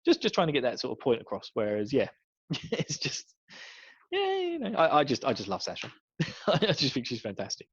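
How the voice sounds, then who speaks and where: Giggly man with a husky, muffled voice. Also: mid-range voice, wildly swooping pitch, normal speed, fairly bright tone, dry recording. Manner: laughs often while talking, mimics characters. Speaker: podcast co-host. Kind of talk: casual podcast review chat. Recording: dull, slightly muffled dry mic.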